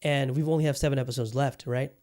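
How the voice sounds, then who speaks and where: A man's voice: medium pitch, fairly even intonation, fast talker, a little mellow. A man hosting a podcast, chatting casually about television in a rambling, enthusiastic way, with frequent restarts and casual swearing. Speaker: podcast host. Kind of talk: casual review chat.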